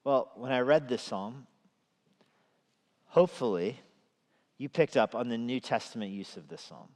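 Pastor, male, mid-range voice, animated sermon delivery, recorded in a reverberant sanctuary. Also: measured pace. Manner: animated, rising in pitch and volume when quoting scripture. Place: church sanctuary. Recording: echoey church hall reverb.

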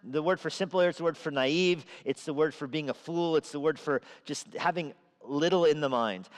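A man's voice: fairly high pitch, moderate pace, few pauses, big-room sound. A man preaching a sermon in a conversational way, sometimes acting out the voices he quotes. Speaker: pastor. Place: church sanctuary.

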